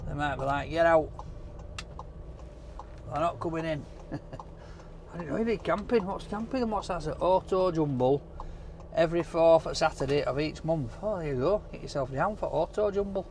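Yorkshire guy chatting to camera while driving, kinda high voice, loud car noise. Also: brisk. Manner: jokey, chatty, talks to the camera. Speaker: food vlogger host. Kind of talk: casual vlog chat while driving. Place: inside a car on country roads. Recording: road noise from a moving car.

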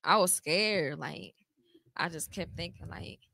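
Podcast co-host, woman, very low and gravelly, soft-spoken, dry sound. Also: unhurried, no room sound. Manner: soft-spoken, tearful, plain-talking. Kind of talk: casual heartfelt conversation.

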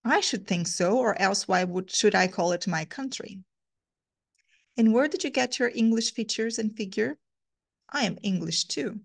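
A woman's voice: medium pitch, normal speed, vocal fry. A woman reading aloud as a proud young Swiss-English woman, in earnest, indignant rebuttals.

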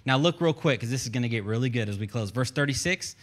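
A man with a Texan accent preaching a sermon as pastor, telling the story with energy and acting out voices, reading scripture and building to shouts. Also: mid-range voice, animated, fast talker. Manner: reads scripture aloud, rising to shouts at the close.

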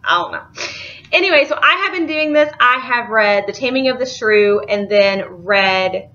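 A young book vlogger chats casually, laughing easily as she rambles about books she picked up. Her mid-range voice is expressive and sharp in tone at a moderate pace, but the audio is dull.

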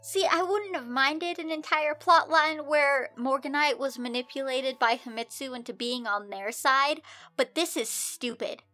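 A young woman reading fan fiction aloud as a comedic dramatic reading, breaking off to shout her exasperated disbelief. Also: high-pitched, unhurried. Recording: soft music bed underneath.

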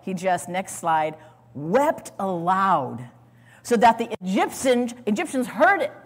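A woman teaching a sermon on scripture, dramatic and expressive, acting out the lines she quotes and calling for the next slide. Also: mid-range voice. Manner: speaks to an audience, calls for slides. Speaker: Bible teacher. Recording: long hall reverb.

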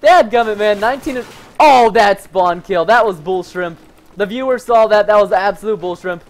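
A young man hosting a gaming channel, giving excitable gameplay commentary with lots of laughing and goofy stand-ins for swear words. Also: sits high, moderate pace. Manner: jumpy, laughing, mild cussing substitutes.

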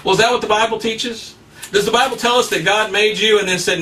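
A male preacher delivering a sermon with fervent emphasis, firing rhetorical questions at his listeners. His voice sits high for a man. The recording picks him up from some distance away from the microphone. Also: fairly even intonation, fast talker, pushed and bright, a little hiss or hum.

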